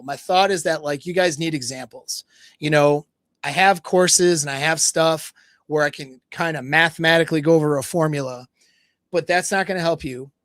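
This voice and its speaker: A blunt dating coach talking straight to his viewers on a livestream, loose and casual, with some swearing. His voice sits a little high for a man. The sound is dry and close, with no room echo. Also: fairly bright tone. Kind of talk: livestream talk, telling a story.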